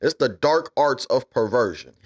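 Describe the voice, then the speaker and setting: A blunt American man co-hosting a casual podcast talk. He speaks at a middle pitch, preachy and emphatic, swearing freely and pushing his voice up as he drives a point home. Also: animated, moderate pace, slightly rough. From USA. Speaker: podcast co-host.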